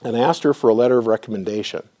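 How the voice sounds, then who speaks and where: Mellow-voiced middle-aged man lecturing. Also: mid-range voice, very fast. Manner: conversational, clears his throat often. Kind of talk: live lecture with personal anecdotes. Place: room with a live audience.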